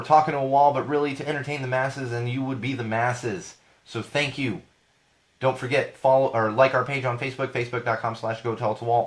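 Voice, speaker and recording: Hoarse man hosting a podcast. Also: mid-range voice. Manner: rambling, repeats phrases for emphasis. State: hoarse, losing his voice from a cold. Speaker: podcast host. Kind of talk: casual podcast monologue.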